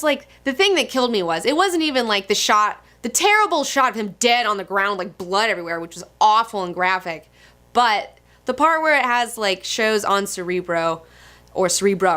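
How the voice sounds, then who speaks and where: With a fairly high-pitched voice, a young woman chats casually about comic books. She is excitable and gushing, and she swears often.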